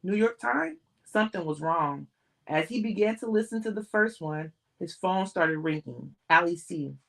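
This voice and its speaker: Low-voiced woman reading a novel aloud. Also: expressive, normal speed, vocal fry, fairly bright tone. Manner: plain reading with occasional restarts of words. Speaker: audiobook reader.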